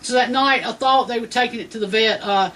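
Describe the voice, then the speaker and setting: A woman's voice: a little high, a little fast, fairly bright tone. A woman telling a personal faith testimony in a rambling way, full of "you know" fillers. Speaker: Christian testimony speaker. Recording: distant mic with faint background noise.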